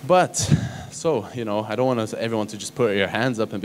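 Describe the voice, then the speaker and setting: A man's voice: on the low side, a little fast, slight background noise. A man, a doctor, giving a lecture to a live audience in a conversational way, often tossing questions and "right?" at listeners. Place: conference hall stage.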